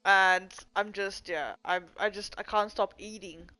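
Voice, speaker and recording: A woman's voice: mid-range voice, fairly even intonation, unhurried, sharp tone, soft background music, poor audio. A young woman rambling casually and swearing freely as she answers chat on her live stream from home. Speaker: livestream host.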